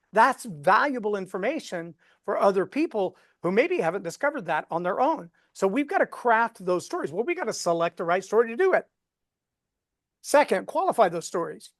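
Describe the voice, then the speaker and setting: A man coaching a live webinar on storytelling, folksy and animated as he walks through examples. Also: high voice, dry recording, clean studio sound.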